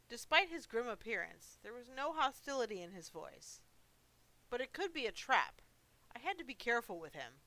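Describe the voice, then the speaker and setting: Bright-voiced woman narrating a horror game. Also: a little high, sing-song, normal speed, no room sound. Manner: dramatic storytelling, giggly and cheeky commentary. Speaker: game streamer. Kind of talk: reading game story aloud with playful asides.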